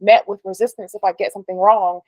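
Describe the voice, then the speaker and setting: A woman's voice: medium pitch, fairly even intonation, fast, darkish tone, dry recording, poor audio. Curious woman asking questions, dry sound. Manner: curious, chatty questioning with hedges like "kind of". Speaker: interviewer. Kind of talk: casual interview conversation.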